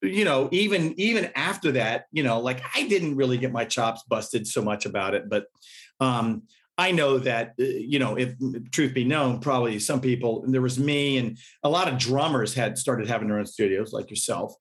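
A man's voice: mid-range voice, normal speed. A middle-aged man, a musician, telling stories in a casual interview and acting out quotes with laughs. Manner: animated storyteller, laughs and acts out quotes. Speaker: musician guest.

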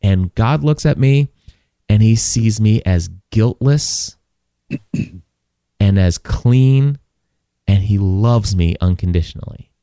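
Halting, deep-voiced man sharing his faith. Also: dark tone, dry recording, clean studio sound. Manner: halting, repeats words, voices people in his stories. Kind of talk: casual faith talk with storytelling.

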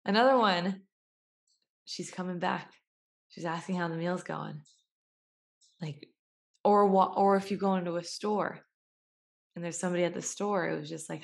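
A young woman talks casually and motivationally, chatting along and slipping into quick little voices to act out everyday scenes. Her voice sits a bit low and has a gravelly, fry-tinged edge. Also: steady tone.

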